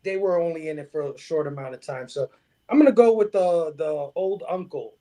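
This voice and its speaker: Guy with a high voice chatting about a movie, swearing, lots of stumbles and laughs. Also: fairly quick, mellow. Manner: swears freely, many restarts, laughs often. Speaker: podcast co-host. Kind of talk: casual movie review chat.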